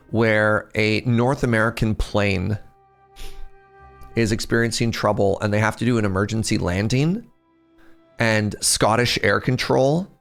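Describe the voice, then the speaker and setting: A man's voice: lowish voice, gravelly. A man streaming a game, chatting casually, telling stories and laughing often between moves. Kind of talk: casual gameplay chat.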